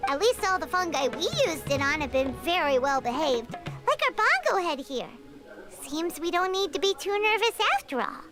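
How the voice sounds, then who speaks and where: Super high bubbly lil game sidekick, bouncy voice all over the place. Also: female voice, normal speed. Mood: cheerful. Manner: bubbly, chatty, excitable. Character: tiny chirpy floating female companion creature. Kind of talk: video game voice acting. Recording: game audio with loud music.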